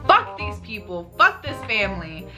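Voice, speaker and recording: A woman's voice: sing-song, normal speed, pushed and bright, faint music behind. Sassy, foul-mouthed young woman. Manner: blunt, profane and sassy; rhetorical questions and swings of pitch. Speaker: vlogger answering viewer questions. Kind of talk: casual chat.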